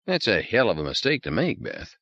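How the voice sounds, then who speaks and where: Brief: a man playing an anxious scientist, higher and pleading, audiobook read with dry, slightly dull sound. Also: huge pitch swings, brisk, pushed and bright, dry recording, exaggerated voice. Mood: flat. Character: nervous, frightened male mathematician.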